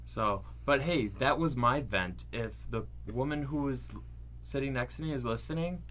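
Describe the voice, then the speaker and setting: A man's voice: medium pitch, normal speed, a bit bright, slight background noise. A man appearing as a guest on a casual podcast, joking and playful. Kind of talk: casual chat.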